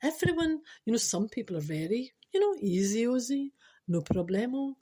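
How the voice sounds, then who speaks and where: Scottish woman, podcast host, casual comic monologue, mellow tone, teasing asides. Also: fairly high pitch, moderate pace. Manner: chatty, animated, teasing asides.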